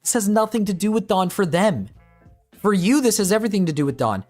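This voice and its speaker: A man's voice: high voice, sing-song, brisk, darkish tone, soft background music. A man doing reaction commentary, ranting in exasperation and swearing often, talking to his chat like a streamer. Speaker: drama commentator.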